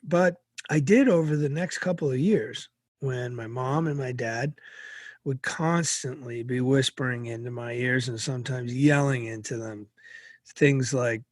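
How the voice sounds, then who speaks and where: A man's voice: mid-range voice, measured pace, no room sound, clean studio sound. A middle-aged man from Massachusetts telling a vivid personal story as an interview guest. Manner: vivid, anecdotal, expressive.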